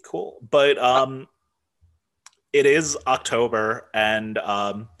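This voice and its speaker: A man hosting a casual podcast chat, relaxed and quick to chuckle. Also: medium pitch. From Irish heritage. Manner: chuckles often, relaxed and self-deprecating. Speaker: podcast host.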